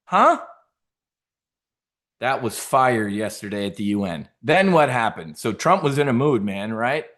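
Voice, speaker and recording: A man's voice: mid-range voice, big pitch swings, measured pace, fairly bright tone. A middle-aged man hosting a trading show, giving brash, profane market commentary and mocking the people he quotes.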